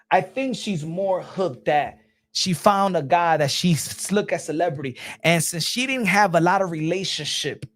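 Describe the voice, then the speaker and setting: A man from New York with a New York accent, slipping into Spanish, ranting in a rambling, mocking way that breaks into shouting. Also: on the high side. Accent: New York, with Spanish mixed in. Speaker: streamer. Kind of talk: loud animated rant.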